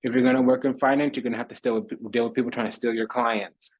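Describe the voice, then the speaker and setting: A man's voice: medium pitch, little pitch movement, fast talker, no echo, poor audio. A man giving a spiritual tarot reading monologue, preaching in repetitive, rhythmic lists. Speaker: tarot reader.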